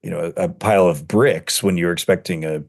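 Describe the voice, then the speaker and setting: A middle-aged man with a very low voice talks in an interview as a guest author. He rushes through thoughts in quick bursts, padding them with fillers and restarting sentences as he goes. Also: fairly even intonation, vocal fry, a little mellow. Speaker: seminary professor. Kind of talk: conversational interview.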